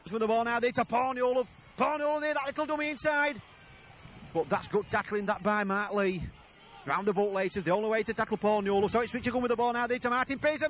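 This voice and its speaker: A man commentating on a rugby league match, calling play by play, repeating player names and shouting at tries. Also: high voice.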